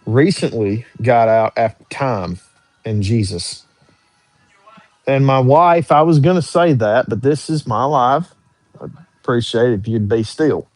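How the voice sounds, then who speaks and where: Young guy going live, reads chat out loud and answers whatever, easygoing drawl, dry close sound. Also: mid-range voice, animated, a little slow, dry recording, faint music behind. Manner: reads viewer questions aloud and answers offhand. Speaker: livestream host answering chat. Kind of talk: casual livestream chat.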